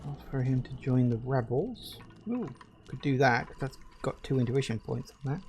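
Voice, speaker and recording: A man's voice: mid-range voice, animated, normal speed, a little mellow, slight background noise. A man hosting a let's play, giving casual, rambling commentary with many hesitations. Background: game music.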